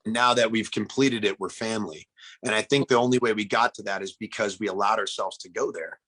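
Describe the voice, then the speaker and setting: A man's voice: fairly low pitch, brisk, bright, forceful tone. A man talking about making a film in a casual interview, earnest and reflective, often restarting his sentences. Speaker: actor in the film.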